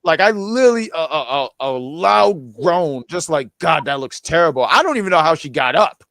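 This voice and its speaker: A man's voice: a little high, sing-song, normal speed, a bit bright, dry recording, clean studio sound. A man hosting a podcast in casual chat, talking with enthusiasm and many stumbling restarts. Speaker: podcast host.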